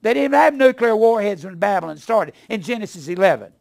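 An older man preaching a fiery sermon, scornful and ranting, swinging from low mutters to loud outbursts. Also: big pitch swings, fairly quick, vocal fry, noisy background.

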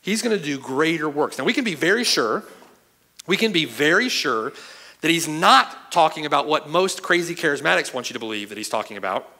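A man's voice: fairly high pitch, sing-song, a little fast, sharp tone. Man preaching a sermon, emphatic, keeps asking "right?" and "okay?", voice jumps all over the place. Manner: emphatic, asks the hearers "right?" and "okay?" often. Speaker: pastor. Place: church sanctuary.

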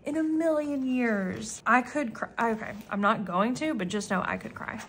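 A woman talking casually in an unboxing vlog at home, gushing and excitable as she chats on. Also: fairly high pitch, normal speed, a little hiss or hum. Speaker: planner vlogger. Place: common room at home, indoors.

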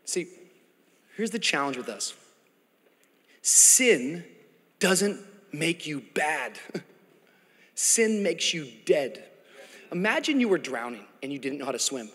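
High-voiced preacher in an echoing hall. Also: male voice, very animated, slow pace, pauses often, slightly rough. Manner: dramatic, building to shouts. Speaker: pastor. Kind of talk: sermon. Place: large church auditorium. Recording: church hall reverb, faint music.

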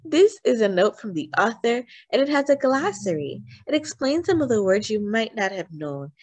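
A woman hosting storytime, reading a children's book aloud with expressive, animated storytelling. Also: on the high side, normal speed, dry recording. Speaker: storytime host.

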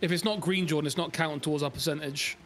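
A young man bantering excitedly with a friend while gaming, laughing often. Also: fairly high pitch, fast. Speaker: gamer.

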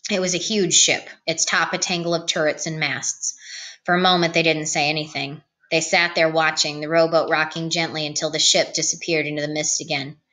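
A woman reading a novel aloud as an audiobook narrator, in a calm, even read-aloud manner. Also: low voice, fairly quick. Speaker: audiobook reader. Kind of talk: storybook narration.

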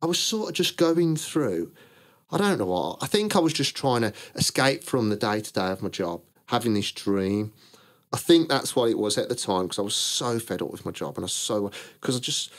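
A British clothing brand founder, guesting on a podcast, casually tells his story at normal speed in a lowish voice. He's lively, acting out both sides of old conversations and laughing at his own punchlines.

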